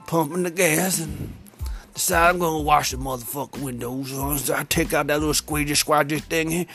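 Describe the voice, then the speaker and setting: A man's voice: a little high, fairly even intonation, normal speed, fairly bright tone, faint music behind. A man telling a comic story in a rambling, profane, streetwise way, full of slang.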